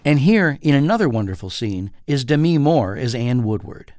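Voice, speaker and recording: A man's voice: medium pitch, very animated, moderate pace, darkish tone, no room sound. Man reviewing TV on dry studio mic. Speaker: TV critic. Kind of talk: radio review.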